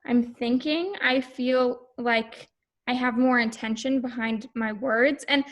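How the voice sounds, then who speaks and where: A woman's voice: a little high, steady tone, slow. A woman, a voice student, chatting casually and searching for words as she talks. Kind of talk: casual chat.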